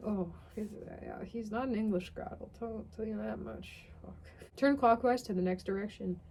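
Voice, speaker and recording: A woman's voice: medium pitch, normal speed, creaky, warm tone, a little hiss or hum. A young woman reading a strange ritual text aloud and commenting on it. Tired, sardonic and swearing often. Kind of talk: dramatic reading with casual commentary.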